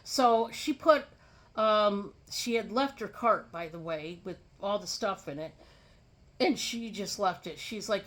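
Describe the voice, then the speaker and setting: A woman's voice: mid-range voice, fairly bright tone. A woman casually telling a story to her viewers, chatty, with many fillers. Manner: chatty and drawn-out, lots of fillers. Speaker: storyteller vlogger.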